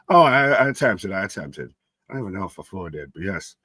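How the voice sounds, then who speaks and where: A young man co-hosts a live wrestling watch-along from a home setup, talking casually and greeting chatters by name. His voice sits low. The sound is dry and close to the mic. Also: sing-song, brisk, bright, forceful tone, no room sound. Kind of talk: casual live-stream chat, reading viewer comments.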